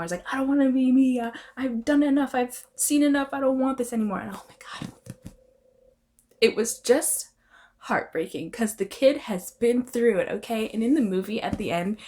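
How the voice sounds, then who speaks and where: Expressive young woman chatting about books. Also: medium pitch, slight background noise. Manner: expressive, emphatic, often adds "okay?". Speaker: book vlogger. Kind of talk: casual book review chat.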